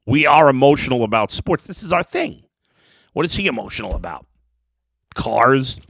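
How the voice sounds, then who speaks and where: A man's voice: medium pitch, sing-song, normal speed, vocal fry, pauses often, a bit bright, no echo. A man hosting a sports podcast, talking through an emotional, rambling opinion monologue with lots of restarts.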